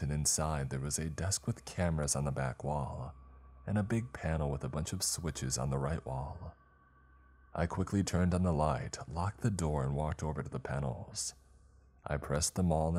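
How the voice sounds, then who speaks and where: A man with an extremely low voice narrates a first-person creepypasta. His delivery is steady storytelling that tightens at the frightening parts. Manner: steady storytelling, tense at scary moments.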